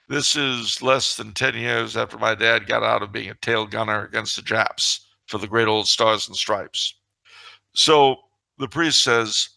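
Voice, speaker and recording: A middle-aged man co-hosting a talk show, telling stories with animated mock indignation and acting out the dialogue. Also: medium pitch, measured pace, creaky, dry recording. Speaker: podcast co-host. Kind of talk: casual banter and storytelling.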